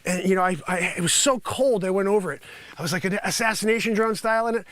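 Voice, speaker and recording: High-voiced man joking like a reporter. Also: fast, a bit bright, no echo. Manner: jokey mock news report. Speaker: host of a daily livestream. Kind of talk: comedic livestream monologue.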